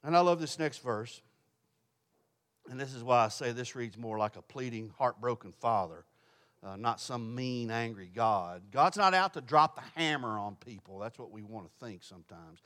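A man's voice: expressive, normal speed, fairly bright tone. A male pastor preaching a sermon, impassioned and pleading, slipping into colloquial asides. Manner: impassioned, pleading, rises in pitch when quoting scripture. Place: church sanctuary.

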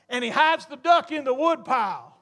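A man preaching a sermon, telling a story with humor and rising to fervent, shouted appeals. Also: extremely high pitch, animated, unhurried.

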